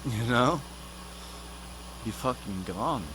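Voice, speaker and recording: A man's voice: mid-range voice, expressive, slow, background noise. A man in a profane, rambling comic rant, full of street slang and swearing, who sometimes talks about himself in the third person. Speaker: vlogger.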